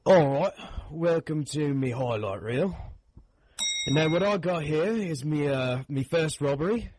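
A man's voice: fairly high pitch, lively intonation, measured pace, darkish tone, a little hiss or hum, rough recording. A man doing an improvised impression of a menacing male wrestler who is a gun-toting maniac, rambling and saying "me" for "my".

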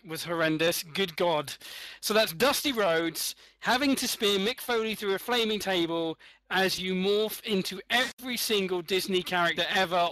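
A male podcast host sets up comedy challenges in a playful game-show manner. His voice sits high and bright, and it is recorded dry and close. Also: no room sound, rough recording.

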